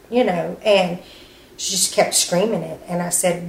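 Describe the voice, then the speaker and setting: A woman whose family member was a victim describes the loss in an interview filmed at the family's home. Her lowish voice has vocal fry and fairly even intonation, moving a little fast as she plainly relates events and reenacts what was said, in an echoey room with faint noise.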